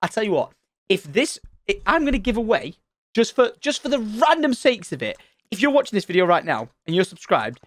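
A man commentating his Minecraft let's play, excitable and loud at surprises. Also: high voice, fairly quick, no echo. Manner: excitable, shouts and squeals at surprises. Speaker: gaming channel host.

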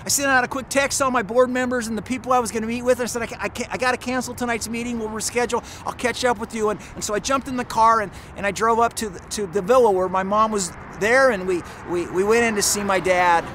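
A middle-aged man, a pastor, recounts a personal story during a sermon. His voice sits unusually high for a man, and he speaks earnestly, often restarting and repeating words as he goes. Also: steady tone, fast, few pauses, fairly bright tone, a little hiss or hum.

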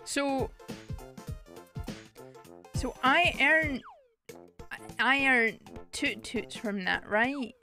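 A woman's voice: sits high, expressive, extremely slow, long pauses, sharp tone, soft background music. A young woman casually commenting on a game stream, giggling and swearing as she reads cards aloud.

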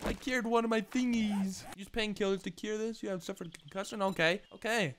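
A man's voice: high-pitched, a little fast, a bit bright. A man commenting on his survival game playthrough in a jokey way, talking back to the game and its zombies, sometimes whispering. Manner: drops to a whisper at times. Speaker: gaming channel host. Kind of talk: let's play commentary.

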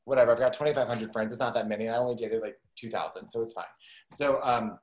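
A man's voice: mid-range voice, fairly even intonation, a little mellow, low-quality recording. Joking male podcast host. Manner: joking, self-deprecating, quick asides. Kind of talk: casual chat.

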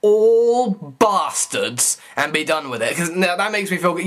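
A man's voice: sits high, expressive, unhurried, few pauses, a bit bright. A young man, talking straight to camera in a rambling, stammering comedic rant full of mock outrage. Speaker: vlogger.

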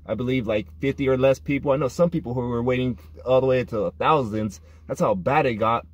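A man's voice: medium pitch, a little fast, dry recording, lo-fi sound. A man co-hosting a fan podcast, complaining with frustration and laughing between complaints. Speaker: podcast co-host. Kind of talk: casual fan podcast chat.

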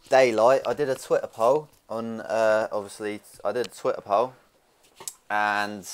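A man's voice: on the low side, steady tone, unhurried, long pauses, a little hiss or hum. Nervous swearing young man. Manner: nervous, swearing, rambling, jumpy. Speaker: gaming youtuber. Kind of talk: casual let's play commentary.

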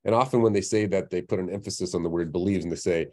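In a public science webinar, a middle-aged astronomy lecturer talks conversationally, full of fillers and restarts. His low, warm voice moves at a racing pace, picked up by a computer mic on the call.

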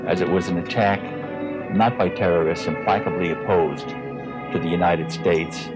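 A man giving formal commentary with slow, weighty emphasis. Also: sits low, fairly even intonation. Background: music.

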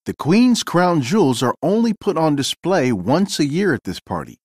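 A man's voice: a little high, big pitch swings, moderate pace, darkish tone, husky, dry recording, studio quality. A man voicing a brave and clever female spy car in a storybook reading, with an urgent, determined manner.

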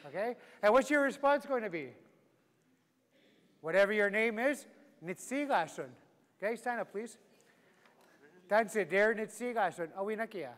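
Guy teaching a language class in a big echoey hall, fairly high voice, jokey, keeps having folks repeat words. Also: lively intonation, normal speed, pauses often, fairly bright tone. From Canada. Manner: playful, laughing, drilling phrases for repetition. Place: large hall with a live class.

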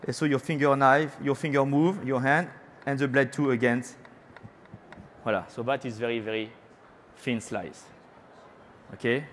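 A man's voice: mid-range voice, steady tone, moderate pace, pauses often, a bit bright, slight background noise. A man from France with a French accent, a chef giving a chatty live cooking demonstration on a trade show stage, teasing the audience and slipping into French phrases.

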